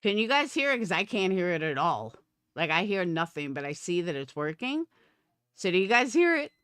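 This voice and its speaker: A woman streamer rants straight to her chat, swearing hard and pushing back. Her voice sits a little low but swings widely in pitch. The sound is dry and close. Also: very animated, normal speed, a bit bright, clear, resonant tone, no echo. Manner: profane, combative. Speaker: live streamer. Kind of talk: livestream rant.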